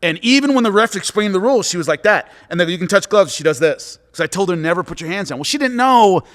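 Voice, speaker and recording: Ex-fighter guy telling stories, acts out the quotes, kinda high voice, echoey hall sound. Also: fast. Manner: lively, acts out quotes, coach-like advice. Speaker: former fighter and commentator, guest. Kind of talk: animated storytelling in a podcast chat. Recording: long hall reverb.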